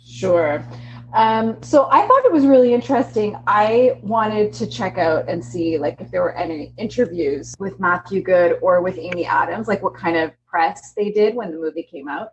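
Animated woman podcast co-host, laughing often. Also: mid-range voice, moderate pace, muffled recording. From Canada. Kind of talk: casual chat.

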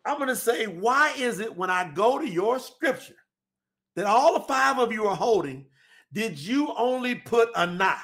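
A man with a high, bright, ringing voice teaches about scripture translation. He drives each point home emphatically and keeps throwing rhetorical questions at his listeners. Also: lively intonation, normal speed. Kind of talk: religious teaching talk.

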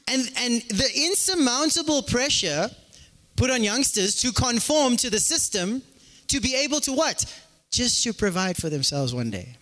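In an echoey hall, a pastor delivers a sermon at a moderate pace in an extremely high-pitched voice. He is animated and joking, acting out short dialogues.

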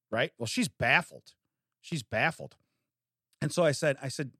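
A man's voice: mid-range voice, animated, a little fast, fairly bright tone, husky, dry recording, clean studio sound. A man co-hosting a casual podcast, telling a long complaint story and acting out his phone calls. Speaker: podcast co-host. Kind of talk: casual chat.

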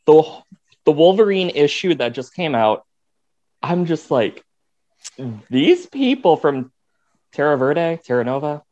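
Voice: medium pitch, big pitch swings, measured pace, pauses often, darkish tone. Rambling guest on a dull, lo-fi line. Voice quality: rambling, lots of "like" and acted quotes. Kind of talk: casual chat.

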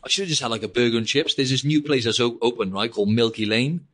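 Fast-talking chatty male podcast host. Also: mid-range voice, fairly bright tone. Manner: chatty, rambling, drops "mate" and "like" constantly. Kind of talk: casual podcast chat.

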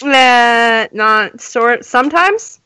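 Bright, offhand woman player. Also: fairly high pitch, lively intonation, drawn-out words, slight background noise. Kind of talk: casual tabletop game chat.

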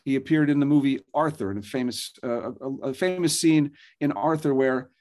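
A man guest telling show-business anecdotes in a lively way, acting out the lines of the people in them. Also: mid-range voice, brisk. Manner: animated storyteller, acts out quotes. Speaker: guest, TV producer and author. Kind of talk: anecdotal storytelling.

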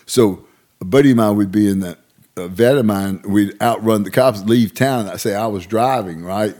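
A middle-aged man, casually telling animated stories from his youth. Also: fairly low pitch, normal speed. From Arkansas. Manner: animated, acts out voices in stories. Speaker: guest storyteller. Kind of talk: casual storytelling.

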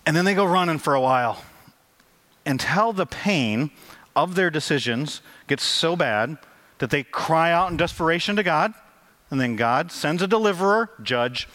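A man's voice: a little high, expressive, moderate pace, a bit bright. A male pastor preaching a conversational sermon, acting out quotes with lots of energy.

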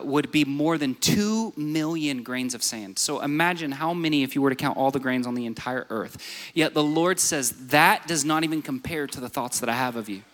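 A man's voice: on the high side, a bit bright. A young man preaching a sermon, telling a personal story and building to emphatic exhortation. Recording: reverberant hall.

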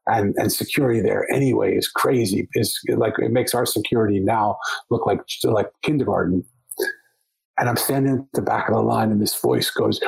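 A man's voice: lowish voice, steady tone, fairly quick, gravelly, husky, poor audio. A man, a podcast guest, telling a long story in conversation, often restarting and repeating words as he goes.

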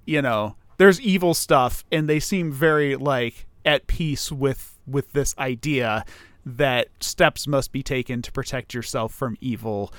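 A man's voice: medium pitch, unhurried, fairly bright tone, dry recording. A man co-hosting a film podcast, casually recapping the plot with dry sarcasm and frequent laughs. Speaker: podcast co-host. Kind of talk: casual movie review chat.

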